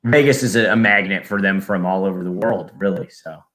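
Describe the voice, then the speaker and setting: Low-voiced rambling man. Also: fairly quick, a bit bright. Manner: rambling, restarting. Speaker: podcast guest. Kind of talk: casual live podcast chat.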